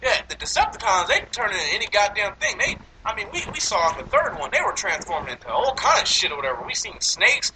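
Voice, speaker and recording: Lively, bright-voiced man ranting about movies. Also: high voice, quick pace, hardly any pauses, a little hiss or hum, rough recording. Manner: animated, profane, laughing often. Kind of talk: casual movie review chat.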